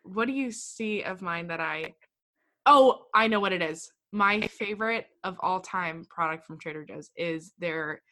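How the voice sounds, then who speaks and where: Bright, gushing woman podcast host. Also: on the low side, unhurried. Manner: gushing, enthusiastic, laughs often. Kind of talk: casual podcast chat.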